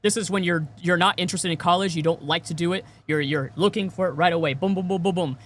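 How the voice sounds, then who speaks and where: A man's voice: high-pitched, steady tone, quick pace, fairly bright tone, slight background noise. A man streaming and chatting casually with viewers, rambling with many repeated words and fillers. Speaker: game streamer.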